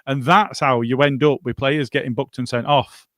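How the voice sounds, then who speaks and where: Measured man, podcast regular, mid pitch. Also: steady tone, fairly bright tone, no room sound, studio quality. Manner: measured, restarts, argues a point. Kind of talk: casual podcast chat.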